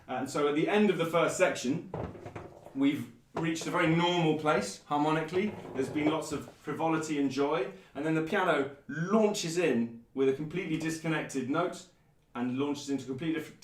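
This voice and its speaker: A man presenting and explaining a piece of classical music in a thoughtful, measured way, with frequent ums. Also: medium pitch. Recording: roomy echo, mic at a distance.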